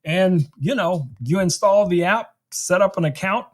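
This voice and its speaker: A man's voice: sits high, unhurried, few pauses. Chatty man hosting a tech live stream. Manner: chatty, laughs often, restarts. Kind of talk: casual live-stream product demo.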